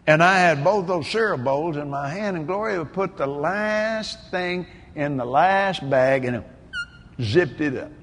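A man preaching a sermon, telling a story in an animated way that bursts into shouts and laughter. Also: a little high, a little slow, long reverb tail.

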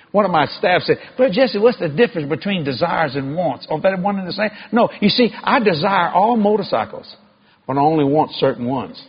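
A middle-aged man preaching to a congregation, his voice husky and pitched a little high. He climbs into high shouted peaks and stretches out key words slowly. The recording sounds muffled and lo-fi. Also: big pitch swings. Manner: emphatic preaching with sudden high shouted climbs and slow drawn-out stresses. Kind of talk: sermon.

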